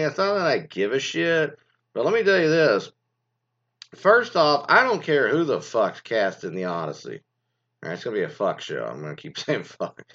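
A man ranting in a casual, rambling commentary, cursing freely as he goes. His pitch swings widely from mutters to high outbursts. The recording sounds dull and lo-fi. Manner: profane, rambling, swings loud and low.

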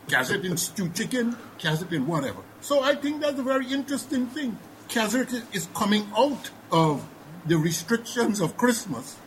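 A man's voice: sits high, fairly bright tone, a little hiss or hum, poor audio. A man with a Guyanese accent speaking as a panelist, thoughtful and full of fillers and restarts. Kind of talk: panel discussion.

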